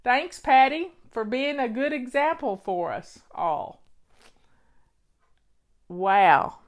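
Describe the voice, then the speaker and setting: A woman's voice: sits high, very animated, takes it slowly, dull audio. A woman with a Southern accent, hosting a live stream and giving folksy, motherly advice in casual chat. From Southern United States. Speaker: host of a home-organizing live show.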